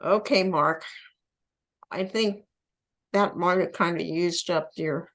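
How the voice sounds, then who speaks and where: Woman host at a poetry reading on a call, low voice, easy slow pace. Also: a bit bright. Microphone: video call.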